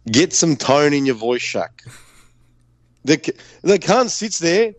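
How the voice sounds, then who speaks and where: Brief: Australian male podcast co-host, lively sweary storyteller, dry close recording. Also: fairly high pitch, slow, no room sound. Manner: animated, profane, storytelling. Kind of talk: casual sweary banter.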